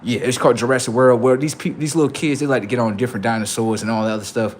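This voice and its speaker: Animated slangy man on a livestream. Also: mid-range voice, very fast, a little hiss or hum. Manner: animated, swings from loud outbursts to quiet asides; slangy, addresses viewers directly. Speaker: livestream host. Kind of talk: casual livestream monologue.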